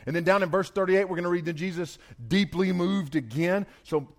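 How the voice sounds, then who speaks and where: A man with a Southern US accent preaching a conversational sermon, informal and talky, slowing down and pressing hard on key phrases. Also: on the high side. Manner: informal and talky, full of "like" and restarts; stresses key phrases slowly and loudly.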